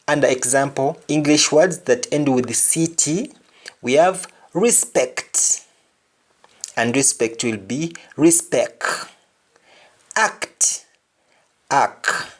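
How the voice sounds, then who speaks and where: A man giving a pronunciation lesson at a very slow, careful pace. He says each word and then says it again, and his pitch rises and falls widely from word to word. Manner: deliberate, says each word twice to contrast sounds. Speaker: pronunciation teacher.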